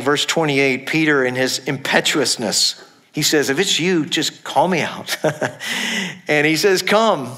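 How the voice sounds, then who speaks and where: Middle-aged male pastor, mid-pitched voice, casual and chatty sermon delivery. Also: bright, forceful tone. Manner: conversational preaching with laughs and self-corrections.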